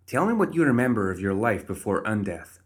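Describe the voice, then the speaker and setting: A man's voice: on the low side, sing-song, fairly quick. Man doing a tired impatient woman investigator, dry, storybook. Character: weary, impatient female investigator.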